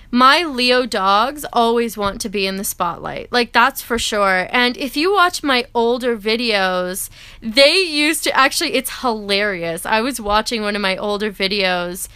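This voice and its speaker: A woman's voice: fairly high pitch, pushed and bright, clean tone, dry recording. A woman chatting casually to camera as an astrology vlogger, rambling and checking in with "right?" and "like".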